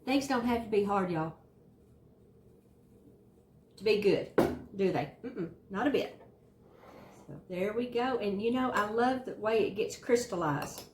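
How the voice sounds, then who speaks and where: Southern woman, cooking-channel host, homey and encouraging, mid pitch, echoey kitchen sound. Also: a little slow, long pauses, a little mellow, slight background noise. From Southern United States. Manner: folksy, chatty, encouraging. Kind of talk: casual cooking demonstration. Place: home kitchen.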